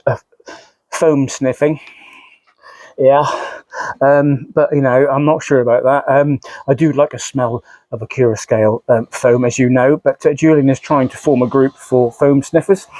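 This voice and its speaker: A man's voice: mid-range voice, darkish tone, dry recording. A man, a model railway YouTuber, chatting casually in a rambling, self-mocking way with frequent sighs. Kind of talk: casual vlog chat.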